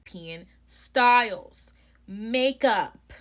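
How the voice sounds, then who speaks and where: A woman's voice: on the high side, extremely slow. A young woman with a New York accent ranting bluntly into her phone, swearing freely and hammering her points home. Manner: blunt, profane, heated. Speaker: clown content creator. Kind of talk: casual ranting vlog.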